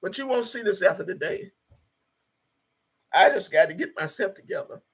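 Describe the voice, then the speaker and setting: Reading her viewers' comments out loud on a casual home livestream, this woman in her sixties is emphatic, blunt, and foul-mouthed, and she tends to repeat herself. Her mid-range voice is sing-song and slightly rough, with a moderate pace.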